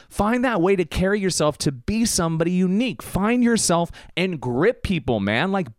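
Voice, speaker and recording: A man's voice: sits high, dry recording, clean studio sound. A man hosting a podcast and delivering an enthusiastic, hyped-up pep talk. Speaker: podcast host. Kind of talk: motivational podcast monologue.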